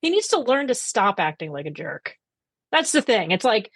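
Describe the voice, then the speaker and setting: A woman on a podcast recaps an old TV episode in loose, casual chat. She acts out the characters' lines and swears for emphasis. Her voice sits at a middle pitch, and the sound is close and dry. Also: normal speed, dry recording. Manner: animated storytelling, quotes characters, swears for emphasis. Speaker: podcast co-host.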